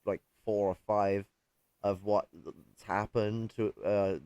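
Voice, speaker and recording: A man's voice: on the low side, flat delivery, takes it slowly, a little mellow, smooth, dry recording, highs cut off. A man in casual podcast chat, rambling, swearing freely and laughing often.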